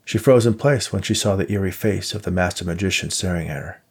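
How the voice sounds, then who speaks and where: A man narrating an audiobook in a measured, even way. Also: deep voice, breathy edge. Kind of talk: scripted narration.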